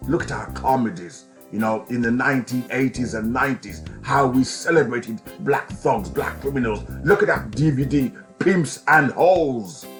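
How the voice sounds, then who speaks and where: A man delivering an impassioned, preachy monologue as an online commentator, asking rhetorical questions and swinging from a raised voice to a hush. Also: mid-range voice.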